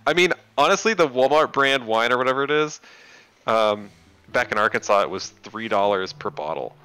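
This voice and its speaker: A man's voice: medium pitch, moderate pace, bright, forceful tone, clean tone, no echo. A man streaming a game, chatting casually and bluntly, swearing now and then. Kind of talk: casual chat while playing.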